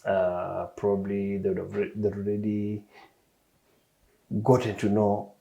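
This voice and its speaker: A middle-aged man hosting a podcast interview, asking long, measured questions full of ums and uhs. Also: lowish voice, level tone, vocal fry, mellow, muffled recording. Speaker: podcast host.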